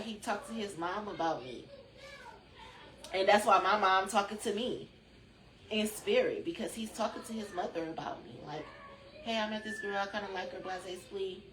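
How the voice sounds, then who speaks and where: A sleepy woman rambles on in a loose, profane way as she hosts a spiritual chat from home. Her voice sits at an ordinary middle pitch, and the room around her rings back with a clear echo. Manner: drowsy, chatty, loose and profane. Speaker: spiritual channel host.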